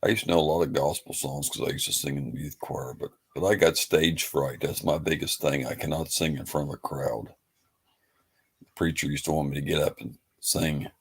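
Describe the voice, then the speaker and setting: A man hosts a casual livestream chat in a rumbling low voice that's slightly rough and a little fast. His talk rambles along in a folksy, laid-back way.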